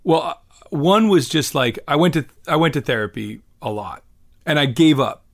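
A man's voice: a little high, lively intonation, normal speed. A middle-aged man musician from the United States, talking in a rambling, self-deprecating way with many restarts. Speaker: musician guest. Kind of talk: conversational interview.

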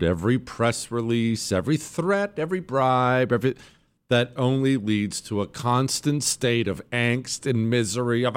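Emphatic sarcastic male talk host. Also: clear, resonant tone. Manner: animated, swings into high mocking voices. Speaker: radio show host. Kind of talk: opinionated political talk.

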